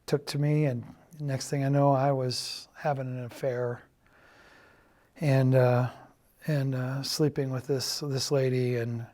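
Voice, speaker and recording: A middle-aged man giving a halting, earnest confessional testimony, often dropping to a quiet, subdued tone. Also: medium pitch, level tone. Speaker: church member giving a personal testimony.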